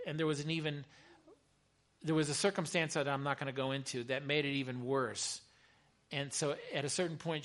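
A man, a chaplain, telling a story in a sermon, earnest and repeating words as he builds to bursts of excitement. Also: mid-range voice. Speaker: chaplain preaching.

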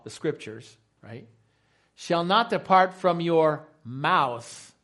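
A male preacher with a fairly high, fairly bright voice speaks slowly and emphatically in his sermon. He puts rhetorical questions to the congregation and repeats his key points.

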